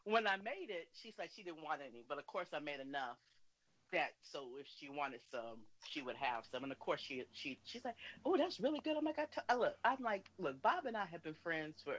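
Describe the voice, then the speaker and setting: A woman's voice: low voice, animated, brisk, a bit bright, dull audio. Salty, emphatic woman caller. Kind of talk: casual call-in chat.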